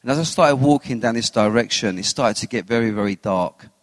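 A man giving a personal faith testimony as an interview guest, telling his story with animated retellings of what he said and thought. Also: mid-range voice, fairly quick, no room sound, big-room sound. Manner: animated storyteller who acts out his own quotes.

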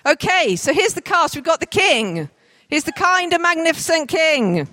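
A woman telling a story to a group, directing volunteers as they act it out, with lively, jokey asides. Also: extremely high pitch, moderate pace, no echo. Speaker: children's storyteller.

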